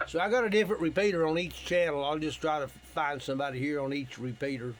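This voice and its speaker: Ham operator, fairly high, easygoing demo voice, light hiss behind. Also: male voice, fast talker. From Tennessee. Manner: relaxed, plain-spoken, explains as he goes. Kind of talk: casual radio demo and on-air calls.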